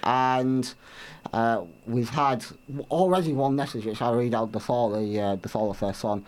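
Male radio host in a studio, mid-pitched, casual chat with dry humour and lots of halting restarts. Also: darkish tone.

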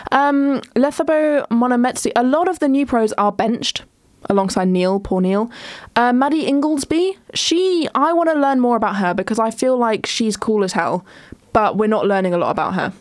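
Young woman, solo podcast host, rambling casual chat, a touch high-pitched, dry close sound. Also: expressive, normal speed, no room sound. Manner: chatty, rambling, frequent ums and restarts.

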